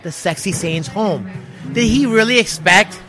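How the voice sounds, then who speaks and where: A man's voice: high voice, expressive, unhurried, a bit bright. A man speaking as a wrestler, giving a cocky, brash post-match promo at a live event.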